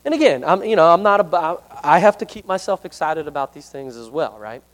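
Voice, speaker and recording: A man's voice: a little high, very animated, a little fast. A man leading a casual Bible study for a congregation, chatty and self-deprecating, often asking the room questions and reading verses aloud.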